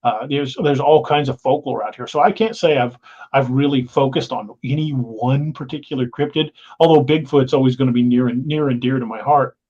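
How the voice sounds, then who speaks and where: A man tells stories about the woods in a loose, rambling way, restarting and repeating himself. His voice sits at an average pitch. The recording is dull and lo-fi. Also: fairly quick, darkish tone. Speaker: guest. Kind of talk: casual storytelling. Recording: dull lo-fi sound.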